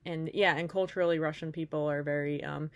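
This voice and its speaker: A woman in her late twenties talks to camera in a loose, rambling way, full of "like" and side stories. Her voice sits a little low for a woman. It sounds like an everyday vlog chat. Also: fairly even intonation, a little fast. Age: late 20s. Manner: rambling and chatty, with many fillers and asides. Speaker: vlogger.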